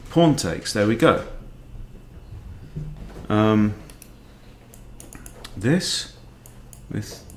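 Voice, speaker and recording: Slow-talking man muttering chess moves. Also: fairly low pitch, expressive, a little hiss or hum. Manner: muttering, understated, self-talking. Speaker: chess coach. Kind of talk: thinking aloud while playing blitz chess.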